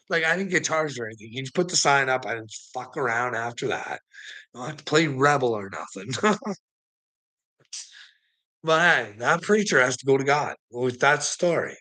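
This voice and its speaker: A man's voice: mid-range voice, moderate pace, pushed and bright. A man telling a personal story in a casual monologue, sarcastic and profane, swearing freely and laughing often between lines.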